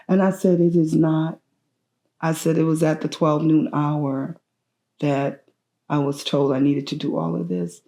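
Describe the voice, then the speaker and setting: A woman's voice: sits low, flat delivery, mellow, roomy sound. Grieving middle-aged mother telling her story. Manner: earnest, halting with grief, voice breaking at times. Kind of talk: emotional personal testimony.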